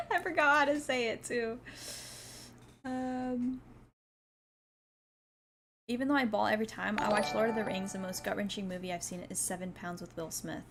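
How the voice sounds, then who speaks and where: A woman's voice: medium pitch, measured pace, long pauses, a little hiss or hum. A woman streaming live, chatting casually and reading chat messages, with a rambling, hesitant way of talking full of restarts.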